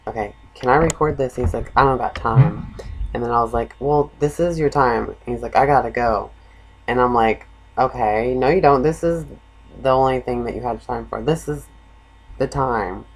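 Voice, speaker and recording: A man, a self-styled psychic vlogger, telling a personal story in a meandering, animated way, swinging between louder and softer passages. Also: medium pitch, unhurried, pauses often, slight background noise, rough recording.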